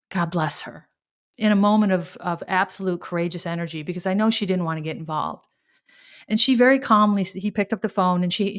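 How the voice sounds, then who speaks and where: A woman hosting a podcast, telling a personal story in a reflective, halting way, with sighs and restarts. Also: fairly low pitch. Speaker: podcast host.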